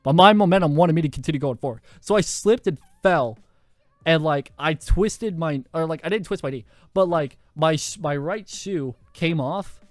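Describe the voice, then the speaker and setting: A young man hosting a podcast, telling a story in a loud, animated way and swearing often. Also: fairly high pitch, normal speed, dry recording. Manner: animated, swears a lot, laughs through his story. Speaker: podcast host. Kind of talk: casual storytelling.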